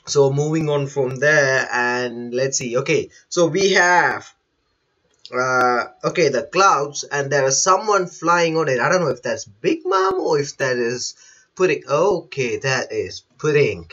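Husky man reading manga aloud. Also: medium pitch, lively intonation, a little slow, sharp tone, lo-fi sound. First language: not English. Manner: chatty, reads panels aloud, laughs often. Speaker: manga reaction host. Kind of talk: live reaction commentary.

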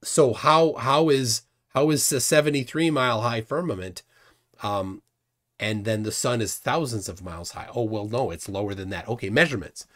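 A man's voice: medium pitch, normal speed, fairly bright tone. A man hosting a live stream, mocking and sarcastic as he reacts to the chat. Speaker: host.

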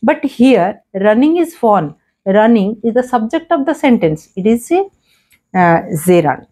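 Husky woman with lively teaching voice. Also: a little high, measured pace. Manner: patient, repeats examples and asks herself questions. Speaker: English grammar teacher. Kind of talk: explaining grammar lesson.

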